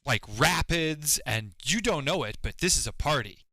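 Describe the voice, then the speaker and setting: A person voicing a wild, party-loving river that brags about its rapids in a playful, boastful way. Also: mid-range voice, lively intonation, creaky, pushed and bright, no room sound, full character voice.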